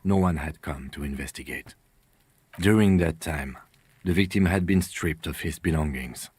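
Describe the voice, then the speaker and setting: A calm, formal police lieutenant. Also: male voice, a bass voice, moderate pace, husky, dry recording.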